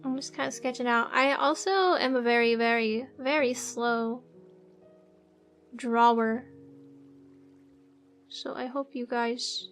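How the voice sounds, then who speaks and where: A woman with a high voice chats with her stream audience while sketching at her desk. She talks at an unhurried pace, soft-spoken and hesitant, full of fillers and small giggles. Her voice comes through a desk microphone. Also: faint music behind. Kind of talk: casual live-stream chat.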